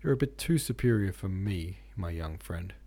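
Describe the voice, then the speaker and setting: A petulant, sharp-tongued young woman from a storybook reading, defensive and cantankerous, as a man voices her in a low, dark, husky tone. She talks back with a prickly edge. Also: animated, normal speed.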